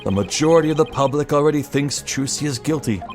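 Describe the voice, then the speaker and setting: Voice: mid-range voice, quick pace, darkish tone, faint music behind, close to an everyday voice. A voice actor doing a smug, sneering bully of a man. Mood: gloating. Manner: taunting, mocking drawl. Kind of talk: amateur video game voice-over.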